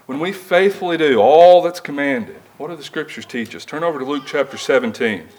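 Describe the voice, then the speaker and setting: A man's voice: a little high, brisk, a little mellow, poor audio. A man preaching a sermon in a plain, conversational way. He reads scripture aloud and stops to ask his listeners rhetorical questions.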